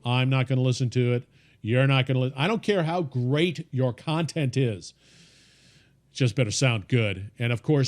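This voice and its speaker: A man leads an informal course lesson in a relaxed, folksy manner. He drives his points home by repeating them. He often stops and restarts his sentences. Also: mid-range voice. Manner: folksy, repetitive, emphatic coaching; frequent fillers and restarts. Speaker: podcast course instructor.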